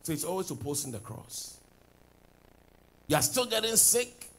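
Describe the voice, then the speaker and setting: Animated preacher man. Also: moderate pace, poor audio. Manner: animated preaching, swings from loud declarations to low asides. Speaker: pastor. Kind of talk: sermon.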